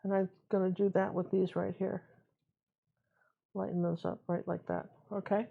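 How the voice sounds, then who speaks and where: Woman painting instructor, casual running commentary, mid-pitched, slightly muffled audio. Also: normal speed, vocal fry, slightly rough. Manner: relaxed, chatty, talks to herself while working. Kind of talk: live painting tutorial.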